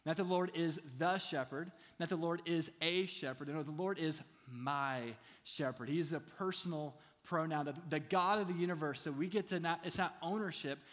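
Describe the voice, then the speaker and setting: A male pastor preaching a sermon in a lively, joking way, often checking in with his listeners. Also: fairly high pitch, in a large hall.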